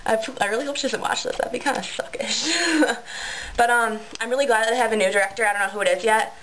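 A woman's voice: on the high side, rapid-fire, a bit bright, rough recording. Teen girl rambling on her webcam, giggly, lots of um and like, bit of hiss. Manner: bubbly, giggly, many ums and likes. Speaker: vlogger. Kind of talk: excited casual vlog chat.

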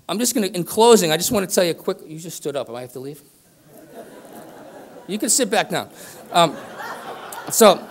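Middle-aged man, fairly high voice, rambling storyteller, keynote to a room. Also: a bit bright. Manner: rambling, self-deprecating, many "right?" and "you know". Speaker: business speaker. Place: conference room with live audience.

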